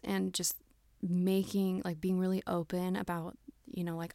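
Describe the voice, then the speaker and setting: A woman's voice: on the low side, level tone, a little slow, creaky, warm tone, dry recording. A young woman hosting casual relationship advice talk, chatty with lots of fillers, acting out example conversations. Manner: chatty, many fillers like "like" and "you know", acts out example dialogue.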